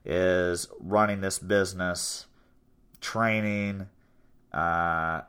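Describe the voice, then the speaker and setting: A man's voice: low-pitched, steady tone, very slow, a bit bright, clean tone. A young man in his twenties, hosting a casual podcast chat about his gym, rambling and upbeat. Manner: rambling, upbeat, self-promoting. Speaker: podcast host and gym owner.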